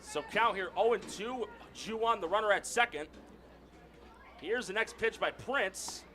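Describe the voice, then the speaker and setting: A man calling a baseball game play by play, excitable and shouting during big plays. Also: sits high, measured pace, a little hiss or hum. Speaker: play-by-play announcer.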